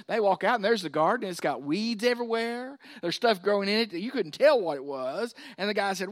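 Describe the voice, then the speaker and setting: A man's voice: sits high, expressive, brisk, hardly any pauses, no echo, clean studio sound. A middle-aged man, preaching a sermon in a folksy, conversational way with asides to his congregation. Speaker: pastor.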